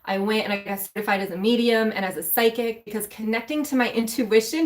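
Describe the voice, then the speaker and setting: A woman's voice: fairly high pitch, fast, hardly any pauses. A woman mentor and coach candidly telling her own story to viewers on a live stream, emotional and speaking straight to them in a loose, conversational way. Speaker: mentor and spiritual coach for women.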